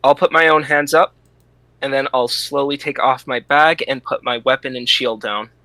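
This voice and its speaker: A man's voice: mid-range voice, fairly even intonation, normal speed, bright, forceful tone, no room sound, rough recording. A man playing a tabletop game who speaks earnestly and a little hesitantly, often repeating words. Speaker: player. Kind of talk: tabletop role-play.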